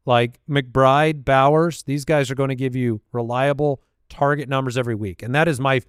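A man hosting a fantasy football podcast, rattling off statistics in a measured, confident way during casual sports analysis. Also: medium pitch, steady tone, clean tone, no room sound, clean studio sound.

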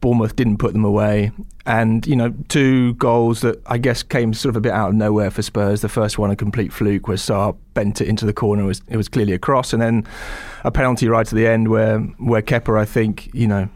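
A man's voice: fairly low pitch, steady tone, fairly quick, hardly any pauses, a little mellow, no room sound, studio quality. A man reporting on a football match in a podcast chat, thoughtful and a bit hesitant. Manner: thoughtful, hesitant, many restarts. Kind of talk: casual podcast discussion.

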